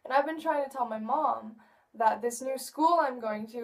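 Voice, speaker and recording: A woman's voice: a little high, moderate pace, creaky, far from the mic. A teenage girl giving a casual video message to a friend, chatty and rambling, often laughing as she talks. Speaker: vlogger addressing a friend.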